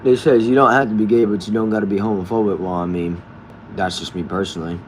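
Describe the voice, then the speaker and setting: A man casually hosting a live stream from a backyard shed, reading viewers' comments aloud and answering them in a relaxed way. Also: lowish voice, fast, slight background noise. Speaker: livestream host reading chat.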